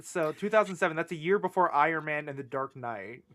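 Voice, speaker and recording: A young man co-hosting a casual fan podcast, animated and quick to react, with the odd swear. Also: a little high. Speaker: podcast co-host.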